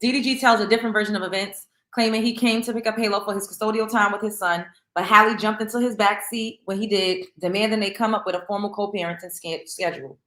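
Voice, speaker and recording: A woman hosts a celebrity gossip show. She reads news aloud and then gives blunt, emphatic opinions in a bright, sharp voice. The room around her rings with echo. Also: medium pitch, fairly even intonation, fast talker, hardly any pauses. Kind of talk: commentary on news.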